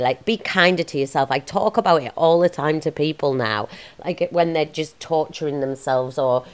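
Bubbly woman hosting a lively podcast. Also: low-pitched. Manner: bubbly, chatty, laughs often. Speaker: podcast host. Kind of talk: casual motivational podcast talk.

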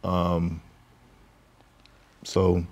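Man, from louisiana, very low pitch, halting, many pauses, interview guest. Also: monotone, darkish tone. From Louisiana, USA. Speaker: guest, construction business owner. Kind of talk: interview answers.

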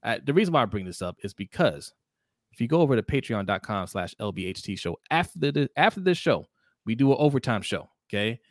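A man hosting a casual sports talk show, animated and jokey, acting out quotes in high voices. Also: fast, no echo, clean studio sound. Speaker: podcast host.

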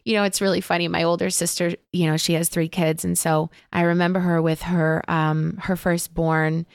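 A woman teaching about Akashic Records in a casual interview, talking gently and openly, telling stories with many fillers. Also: fairly low pitch, little pitch movement, normal speed, creaky, smooth, dry recording, studio quality. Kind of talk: casual spiritual chat.

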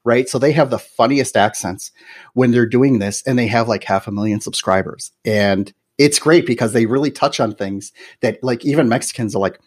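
A man's voice: medium pitch, normal speed, husky. Chatty Midwestern American man hosting. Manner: chatty, many fillers like "you know" and "right". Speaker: podcast host. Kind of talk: casual interview chat.

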